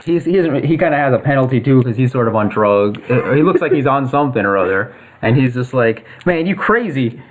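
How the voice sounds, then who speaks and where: A man's voice: medium pitch, fast talker, hardly any pauses. Man narrating as game master. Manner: loose, hesitant, with many fillers.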